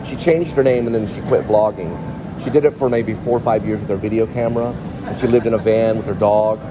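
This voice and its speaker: A man's voice: on the low side, steady tone, a little fast. A man, chatting casually and rambling while he vlogs between delivery runs. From Texas. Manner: chatty, rambling, imitates accents. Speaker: vlogger and delivery driver. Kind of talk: casual vlog chat. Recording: noisy outdoor phone recording.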